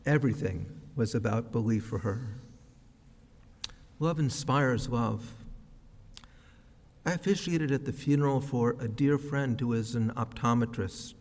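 A man preaching a sermon as a rabbi, with a slow, measured, reflective delivery. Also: medium pitch, darkish tone. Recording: long reverb of a large hall.

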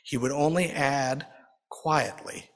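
A man's voice: on the high side, animated, unhurried, fairly bright tone. A man narrating a folk tale dramatically, with varied emphasis, as a storyteller in a large hall.

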